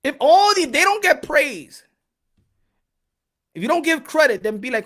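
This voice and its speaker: A man's voice: extremely high pitch, very animated, measured pace, long pauses, fairly bright tone. A man hosting a boxing podcast, ranting in a heated, profane way and firing off repeated rhetorical questions. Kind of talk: solo opinion rant.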